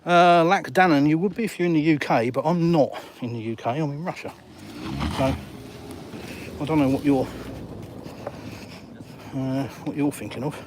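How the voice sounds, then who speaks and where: A man's voice: on the high side, moderate pace, long pauses, noisy background. A middle-aged English man on a casual outdoor walk-and-talk live stream, bluntly and sarcastically reading out viewer comments and firing back at them. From England. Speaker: vlogger answering live chat. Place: outdoors on a seafront.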